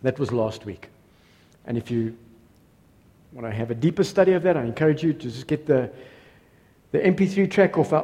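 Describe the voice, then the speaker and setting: A South African man preaching a lively sermon as pastor in a church, joking and calling out for amens. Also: medium pitch, moderate pace, pauses often. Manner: energetic, joking, builds to loud exclamations, calls for amens. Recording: long reverb of a church hall.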